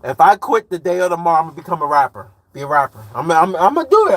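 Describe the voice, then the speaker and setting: A man's voice: high voice, big pitch swings, fast talker, few pauses, fairly bright tone, no echo. A man in his forties from Chicago, chatting loosely on a live stream and reading comments aloud in slangy, rambling talk. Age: 40s. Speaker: livestreamer and truck driver.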